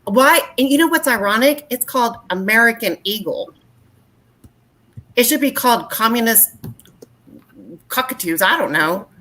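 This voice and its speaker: A woman, co-hosting a podcast and telling stories in an indignant, animated way. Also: fairly high pitch, moderate pace, pauses often. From West Texas. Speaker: podcast co-host. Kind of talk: casual chat.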